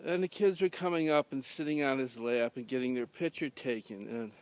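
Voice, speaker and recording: A man tells a rambling, funny story in a dry, deadpan, casual style, full of fillers and restarts. His medium-pitched voice stays fairly even and brisk, smooth, with no room sound.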